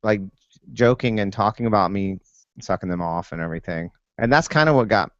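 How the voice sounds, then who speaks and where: A man's voice: on the low side, no echo. A man, a guest, chatting casually and telling personal stories, often stopping and restarting his sentences. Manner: halting, storytelling with many restarts. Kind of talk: casual chat. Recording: dull, dry lo-fi sound.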